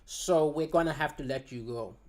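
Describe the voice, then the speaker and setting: A man voicing a stern boss who calmly fires an employee. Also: a little high, moderate pace, pitched below the performer's own voice, natural voice. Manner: firm, matter-of-fact.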